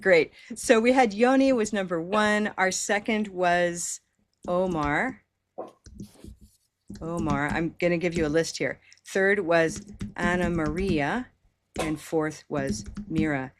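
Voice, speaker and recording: An American woman leads an online pronunciation class. She models each phrase slowly and cheers her learners on, in a slightly low voice over a video call. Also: slight background noise. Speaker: pronunciation teacher.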